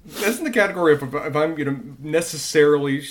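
A man co-hosting a casual podcast, breaking down a show in a measured way. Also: a little high, a little hiss or hum. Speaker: podcast co-host. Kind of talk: casual recap chat.

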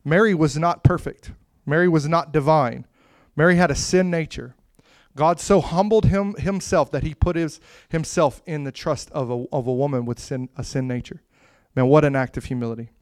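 Impassioned preacher, fairly high dry voice. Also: male voice, moderate pace, no room sound. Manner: impassioned, building to loud emphatic peaks. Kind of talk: sermon.

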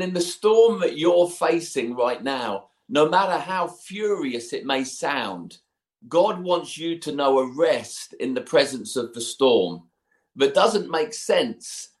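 A man preaching a sermon, retelling a scripture story in a conversational way, with personal asides. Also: medium pitch.

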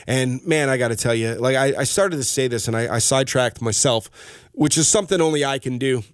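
A man's voice: mid-range voice, a little fast, dry recording, studio quality. A man hosting his own podcast, talking in a rambling, heartfelt way that often stops and restarts mid-sentence. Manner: rambling, heartfelt, self-interrupting. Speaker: podcast host. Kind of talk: personal podcast monologue. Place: radio station studio. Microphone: studio microphone.

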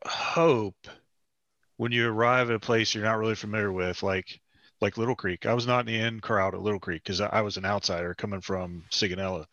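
Middle-aged male guest, lowish, rambling and wry, dull remote audio. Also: sharp tone, no room sound. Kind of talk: casual conversation.

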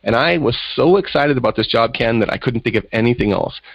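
A man's voice: medium pitch, fast talker, creaky, breathy edge, dry recording, lo-fi sound. A man, a guest in an interview, telling a personal story in conversation and acting out the voices of people in it. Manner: animated storyteller acting out quotes.

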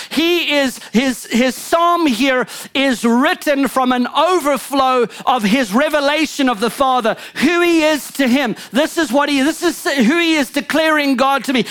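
With a measured pace and few pauses, a woman pastor preaches animatedly, moving between loud stresses and quiet murmured asides while repeatedly calling "come on" and "amen" to her congregation.

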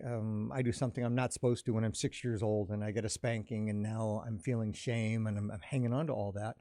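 Man, calm, reflective, mid-pitched voice, dry close recording. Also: no echo. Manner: calm, reflective, explains ideas at length. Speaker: podcast co-host. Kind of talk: casual conversation.

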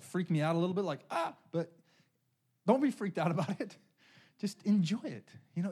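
A middle-aged man delivers a sermon in a loose, conversational way, leaning on personal stories and checking in with the congregation. His voice sits a little high for a man and swings widely in pitch as he talks. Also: darkish tone, husky. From California. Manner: casual, conversational storytelling with frequent "right?". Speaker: pastor.

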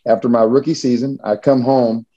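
A man from Missouri tells a personal story in an easygoing interview voice, with frequent restarts and soft laughs. His tone is dark and mellow at a middle pitch. The recording sounds a little dull. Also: steady tone, normal speed. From Missouri, USA. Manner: casual, chuckling, many restarts.

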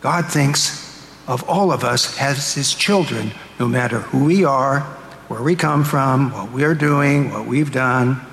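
Man, pastor, storytelling homily, mid pitch, roomy church echo. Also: slow, fairly bright tone, slight background noise. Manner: storytelling, acts out quotes. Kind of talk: sermon. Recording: echoey church hall, faint ambience.

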